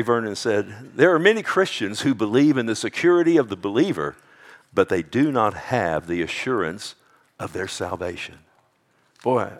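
A man preaching a sermon, swinging between hushed, drawn-out lines and loud ones, often calling out "amen" and "loved one" to his listeners. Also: fairly low pitch. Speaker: pastor.

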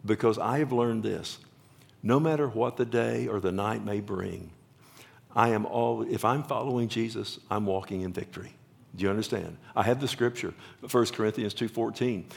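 A man's voice: lowish voice, normal speed, gravelly. A man preaching a sermon as pastor, earnest and often asking his listeners questions.

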